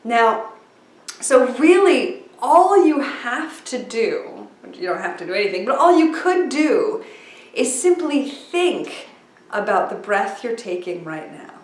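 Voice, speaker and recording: A middle-aged woman talking casually about breathing and slowing down, with lots of fillers and asides. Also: a little high, sing-song. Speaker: speaker sharing breathing tips. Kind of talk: casual storytelling talk. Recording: echoey room, mic at a distance.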